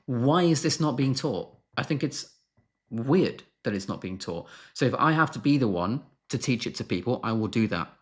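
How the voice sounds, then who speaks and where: A man's voice: medium pitch, animated, normal speed. A man who is a doctor answering viewer questions on a live stream, frank and blunt, brushing off marketing claims.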